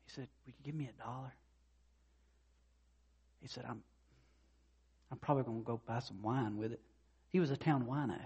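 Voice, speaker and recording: A middle-aged man preaching a sermon as pastor, earnest, dropping soft and low then rising to loud impassioned peaks. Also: moderate pace, pauses often, breathy edge. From North Carolina.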